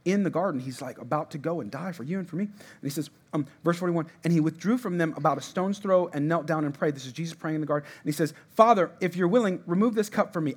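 A man's voice: a little high, breathy edge. A middle-aged man preaching a sermon as a pastor, in a conversational way, repeating himself and asking the congregation to respond.

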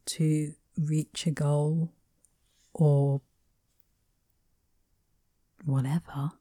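A woman hosting a reflective solo podcast, meandering gently with soft laughs and whispered asides. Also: deep voice, no room sound, studio quality. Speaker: podcast host.

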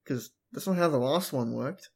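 A woman's voice: extremely low pitch, animated, moderate pace, gravelly, mellow, slightly rough. A young adult woman hosting a podcast, recapping an episode bluntly with swearing and mockery. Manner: blunt, swears, mocking, does funny voices. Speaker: podcast host.

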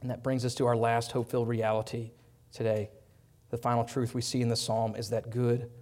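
A man preaching a sermon in an earnest way, rising loud on his appeals and dropping soft on quiet lines. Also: medium pitch, little pitch movement, a little fast. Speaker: pastor.

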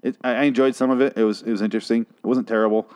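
A hoarse man reviewing a TV episode in a casual, rambling way, swearing and restarting his sentences in exasperation. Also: medium pitch, steady tone, racing, darkish tone.

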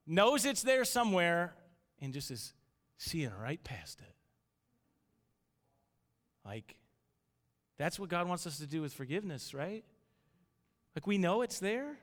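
A man's voice: high-pitched, a bit bright. Man preaching in a reverberant hall. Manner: conversational, restarts often, acts out voices in anecdotes. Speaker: pastor. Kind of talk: casual sermon with storytelling.

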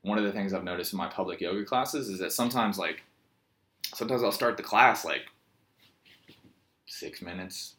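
A man's voice: sits low, moderate pace, pauses often, a bit bright. A man from Virginia with a Virginian accent, a yoga teacher telling a rambling, joking story in a casual monologue. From Virginia, USA. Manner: joking, meandering, self-mocking storyteller.

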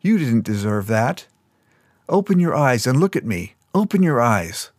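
A man voicing a gentle, protective young leader. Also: mid-range voice, big pitch swings, a little slow, no room sound, studio quality. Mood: firm. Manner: gentle, firm reassurance. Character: tender young male corps leader, protective.

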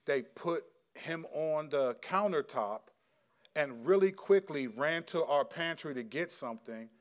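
A middle-aged man preaching as a pastor, earnest and conversational, answering a question from the congregation. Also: mid-range voice. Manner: earnest, conversational, acts out quotes. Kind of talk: sermon with audience Q&A.

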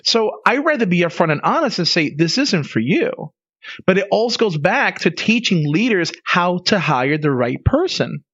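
A man co-hosting a casual podcast talks with an emphatic, animated manner and laughs often. His voice sits a bit high and swings widely in pitch. The recording is dry and slightly dull. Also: normal speed, hardly any pauses, husky, no room sound. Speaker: podcast co-host. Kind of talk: casual conversation.

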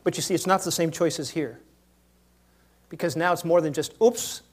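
A man preaching a sermon in a church, moving between quiet asides and loud acted-out quotes. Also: on the high side, moderate pace. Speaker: pastor.

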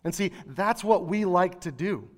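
A man preaching a sermon in a church, conversational, with animated asides. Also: sits high, a little slow, in a large hall.

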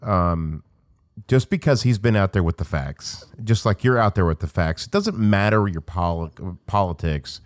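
A man's voice: sits low, normal speed, no echo, studio quality. A man hosting an interview, encouraging his guest and often chiming in with agreement. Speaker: podcast host. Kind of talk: casual interview chat.

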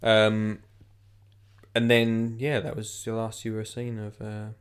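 A man's voice: on the low side, completely flat delivery, takes it slowly, smooth. A man hosting a podcast in rambling, jokey casual chat. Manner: rambling, jokey, lots of fillers. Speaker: podcast host.

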